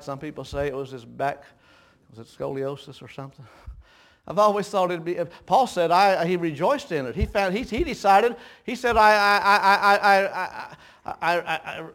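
A man's voice: fairly high pitch, fairly bright tone. A man preaching a folksy sermon, telling homespun stories, chuckling often and stumbling over repeated words.

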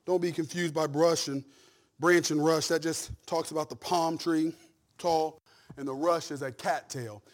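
A man with a high voice preaches with real fire. He drops to near-whispers for personal stories, then climbs into loud, shouted peaks. Dry, joking asides keep it folksy. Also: a little slow. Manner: animated preaching that swings from soft asides to shouted climaxes; humorous, folksy storytelling with laughs. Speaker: pastor. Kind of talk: sermon.

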